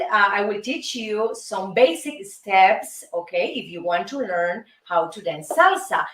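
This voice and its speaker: A woman from Cuba with a Cuban Spanish accent, a native Spanish speaker, hosting her show and giving a lively dance lesson, counting out the beats rhythmically. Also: on the high side. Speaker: show host and dance teacher. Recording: roomy room, distant mic, faint music.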